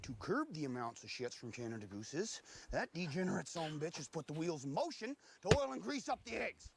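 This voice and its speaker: A man's voice: a little high, sing-song, fairly quick, creaky. An actor playing a blunt, crude small-town guy in sitcom dialogue.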